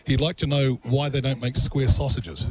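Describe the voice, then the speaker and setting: A man's voice: medium pitch, flat delivery, moderate pace, crowd noise. A man with a New Zealand accent hosting a live outside radio broadcast, chatty and joking, laughing often.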